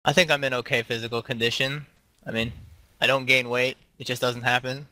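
A man's voice: medium pitch, level tone, brisk, sharp tone, dry recording, low-quality recording. A man chatting casually in a group, offhand and clipped.

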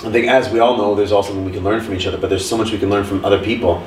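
A young man co-hosting a casual podcast chat, telling stories and acting out what people said with lively swings in his voice. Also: fairly low pitch, very fast, slight background noise. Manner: animated storyteller, acts out quotes. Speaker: podcast co-host. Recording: roomy sound, mic at a distance.

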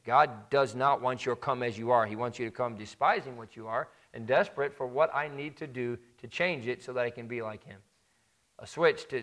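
A man preaching a sermon, climbing to loud emphatic peaks and dropping low and quiet, slowing down on the points he stresses. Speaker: pastor.

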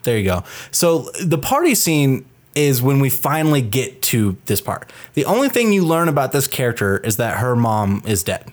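A man co-hosting a laid-back movie review podcast. His voice sits at a plain, middling pitch. He recaps scenes with a dry, sarcastic edge and casual swearing. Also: very animated, normal speed, few pauses. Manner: sarcastic, profane, joking banter. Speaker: podcast co-host.

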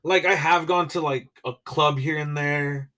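His pitch runs high, his tone steady and sharp, and he keeps a measured pace. The young man co-hosts a podcast, rambling through casual chat with filler words and profanity.

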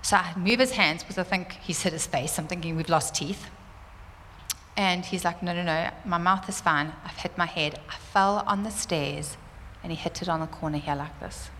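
A woman telling a church congregation a personal testimony, animated and fervent, laughing often. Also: fairly low pitch, normal speed, a little hiss or hum. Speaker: church speaker sharing a testimony. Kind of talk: sermon testimony. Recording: roomy church hall reverb, faint ambience.

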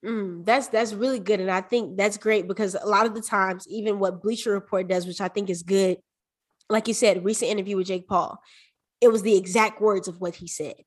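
A woman's voice: medium pitch, fairly even intonation, fairly quick. Upbeat woman podcast host. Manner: enthusiastic, affirming. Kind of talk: casual interview conversation.

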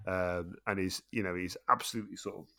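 A man's voice: deep voice, brisk, creaky. Man, middle-aged, podcast co-host, casual chat, emphatic. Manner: animated, emphatic, rising when worked up.

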